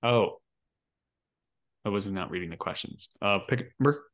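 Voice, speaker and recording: A man's voice: fairly low pitch, animated, moderate pace. A man co-hosting a casual podcast, reading trivia questions aloud and hesitating often with fillers. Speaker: podcast co-host.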